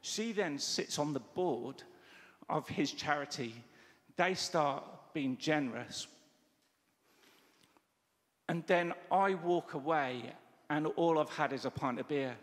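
A middle-aged man preaching a sermon, telling stories with lively quoted dialogue. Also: a little high, unhurried. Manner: animated storytelling with quoted dialogue. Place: church hall. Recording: church hall reverb.

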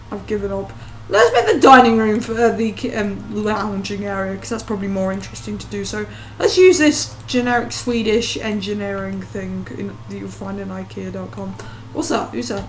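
A woman's voice: medium pitch, a little hiss or hum. A woman with a rambling, self-mocking, jokey manner, giving casual commentary while playing a life-sim game. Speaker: let's play host. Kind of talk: gameplay commentary.

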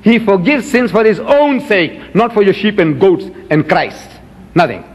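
High-voiced man lecturing in an echoing hall. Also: lively intonation, measured pace. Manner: emphatic, preachy, quotes scripture with dramatic pitch swings. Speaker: religious lecturer. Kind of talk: public lecture to an audience. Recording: dull lo-fi archive recording in a reverberant hall.

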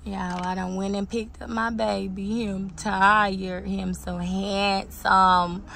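A woman's voice: mid-range voice, little pitch movement, slow pace, vocal fry, very noisy. A young woman and mother chatting casually to her viewers in a vlog, slangy and talkative. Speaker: vlogger and mother.

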